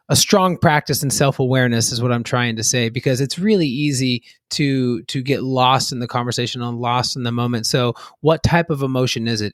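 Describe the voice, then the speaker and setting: A man's voice: mid-range voice, fairly bright tone. A man co-hosting a podcast in a casual, rambling way, often restarting his sentences and laughing lightly. His voice sits in an ordinary middle range. The sound is close and dry, with no room echo. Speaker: podcast co-host.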